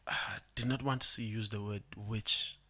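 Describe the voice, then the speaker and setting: A young man, a rapper, calmly explaining his songs in a casual podcast chat, laughing often. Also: on the low side, moderate pace. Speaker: guest rapper.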